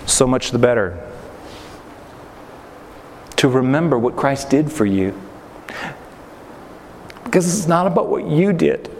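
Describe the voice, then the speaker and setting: A man pastor preaching a sermon, pausing for effect and briefly acting out the people he quotes. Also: medium pitch, animated, a little mellow. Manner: preaching with acted-out quotes and dramatic pauses. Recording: reverberant hall, faint noise.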